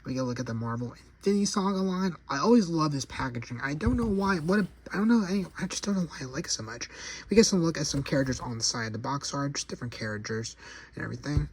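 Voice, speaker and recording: Gravelly-voiced man reviewing a toy. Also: on the high side, lively intonation, fast, slight background noise. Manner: rambling, self-correcting, chatty. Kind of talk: casual unboxing review.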